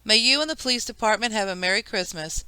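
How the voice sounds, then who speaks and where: A woman's voice: mid-range voice, fast talker, bright, forceful tone, clean tone, no echo, natural voice, poor audio. A woman reading an audiobook, voicing a harried mother who is stern and overwhelmed. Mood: flustered.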